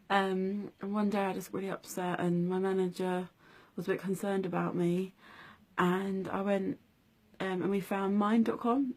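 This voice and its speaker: Soft, hesitant woman in her twenties. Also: mid-range voice. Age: 20s. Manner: hesitant, many ums, soft-spoken. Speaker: vlogger. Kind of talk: personal story vlog.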